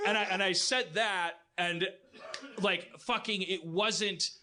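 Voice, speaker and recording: A man with a high, bright voice tells a comic story on a live podcast. He swears freely, mocks himself, and keeps stumbling over restarts. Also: steady tone, slow. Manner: profane, self-deprecating, stammering restarts. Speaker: podcast host.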